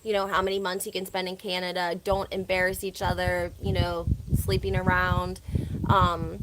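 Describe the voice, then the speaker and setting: A woman's voice: lowish voice, steady tone, measured pace, noisy background. A woman with a Southern American accent hosting a casual gossip livestream, chatty and opinionated, often laughing between her points. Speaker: reality TV recap host.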